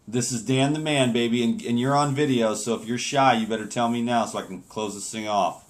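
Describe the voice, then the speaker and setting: A man's voice: medium pitch, fairly even intonation, a little fast. A man hosting a health call-in show, talking in a brash, teasing, salesman-like way. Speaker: host.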